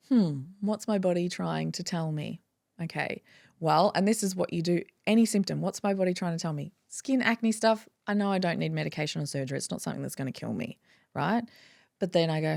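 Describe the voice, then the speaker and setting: A woman chiropractor talking in a casual interview, animated and acting out her own inner dialogue. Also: low voice, normal speed, gravelly, no echo, clean studio sound. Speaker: guest, chiropractor.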